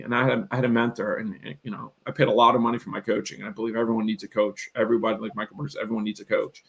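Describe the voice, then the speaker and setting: A middle-aged man with a gravelly, fairly low voice tells a long personal story in an interview. He rambles earnestly and plays out past conversations in his own voice. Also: little pitch movement, rapid-fire, few pauses, fairly bright tone, rough recording. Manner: earnest, rambling, emphatic, quotes himself and others. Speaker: real estate investor and coach.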